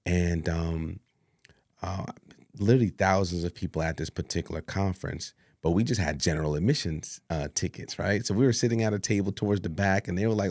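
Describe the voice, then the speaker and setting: A man telling an animated story in a sit-down interview, acting out what people said and laughing along. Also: deep voice, brisk, no echo, studio quality. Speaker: executive producer.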